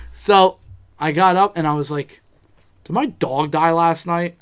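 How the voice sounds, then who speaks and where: A man's voice: a little high, a little slow, clean tone. A young man in casual chat, telling a personal story with lots of swearing and acted-out quotes.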